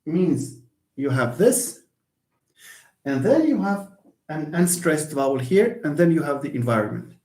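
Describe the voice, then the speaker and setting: A man's voice: a little high, sing-song, a little mellow, echoey room. A man lecturing a class, thinking aloud with frequent restarts and hesitations. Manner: slow, halting, thinks aloud with many restarts. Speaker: linguistics lecturer.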